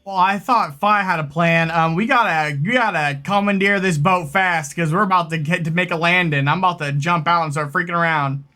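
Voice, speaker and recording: A man voicing an excitable young lookout who yells from a crow's nest, wild and excited. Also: a little high, fairly quick, few pauses, pitched above the performer's own voice. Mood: frantic.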